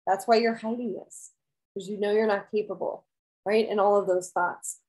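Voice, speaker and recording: A woman's voice: mid-range voice, fairly even intonation, normal speed, a little mellow, low-quality recording. A woman wellness coach giving an earnest, encouraging motivational talk to her viewers, repeating key phrases and often asking "right?".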